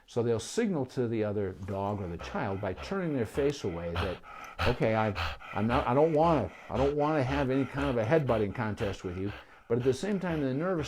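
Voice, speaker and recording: A man who is a veterinarian, giving a casual instructional talk to camera in an animated way, with restarts and asides, and dropping softly when he models calm praise. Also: medium pitch. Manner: drops to a soft voice for calm praise.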